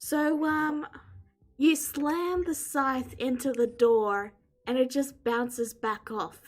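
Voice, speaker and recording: A woman's voice: high-pitched, fairly even intonation, slow. A woman narrating a tabletop game as game master, hesitant and full of fillers.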